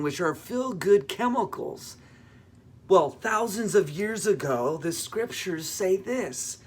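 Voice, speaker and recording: A man's voice: high voice, husky. A man, a pastor, giving a casual devotional and telling a humorous everyday story with fillers and self-corrections.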